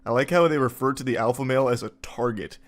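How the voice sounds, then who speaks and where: A man's voice: medium pitch, fast talker. A young man giving casual commentary as he reads online posts aloud, with wry, incredulous and mocking asides.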